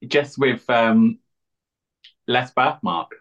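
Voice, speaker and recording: A man, a drag queen chatting as an interview guest, cheeky and deadpan. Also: mid-range voice, very slow. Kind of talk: casual interview chat. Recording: dull lo-fi audio.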